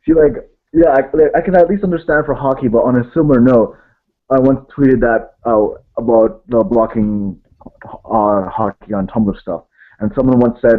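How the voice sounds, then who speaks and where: A man's voice: mid-range voice, moderate pace. A man co-hosting a casual podcast chat, rambling and dropping "yo" and "like" often. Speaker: podcast co-host. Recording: tinny phone-like line.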